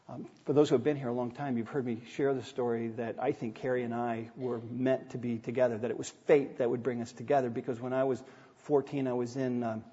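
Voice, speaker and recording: A middle-aged male pastor preaching in a church sanctuary, his voice dark and slightly husky. He moves earnestly between scripture and personal stories, with light humor along the way. The sound is dull, and a long hall reverb hangs on every phrase. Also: medium pitch. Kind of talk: sermon.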